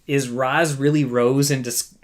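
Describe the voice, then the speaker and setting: A man hosts a casual live discussion at a middle pitch. He talks in a loose, chatty way, stopping and restarting often. He reads quotes aloud between his own comments. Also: steady tone, unhurried. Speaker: podcast host.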